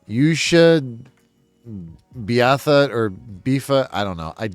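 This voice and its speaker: A man's voice: mid-range voice, expressive, takes it slowly, clean tone, no room sound, faint music behind. Rambling, chuckling book vlogger man. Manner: rambling, chuckling, self-deprecating asides. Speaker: book reviewer. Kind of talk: casual book synopsis vlog.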